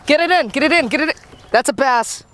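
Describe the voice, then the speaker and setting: A man's voice: very high-pitched, quick pace, bright, forceful tone, a little hiss or hum. A man hosting a casual fishing vlog, talking outdoors from a small boat on a lake into an action camera and cheering on his fishing partner. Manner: upbeat, coaching a companion as fish come in. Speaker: fishing channel host. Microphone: action camera mounted on or near him.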